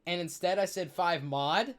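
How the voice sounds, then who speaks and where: A young man, a streamer, telling stories in casual chat, excitable and stammering, loudly acting out what people said. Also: high-pitched, normal speed.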